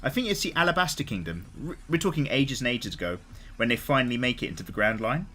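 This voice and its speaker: A man in his thirties, an artist chatting casually on a live stream, talkative, openly emotional and quick to swear. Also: medium pitch, big pitch swings, sharp tone. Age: 30s. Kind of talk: casual livestream chat.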